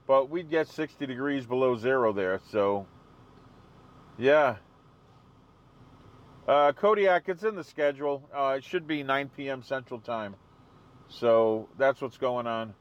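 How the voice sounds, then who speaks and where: A man's voice: medium pitch, animated, measured pace, pauses often, dull audio. A man hosting a live stream, chatting casually with viewers and answering their comments. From New England.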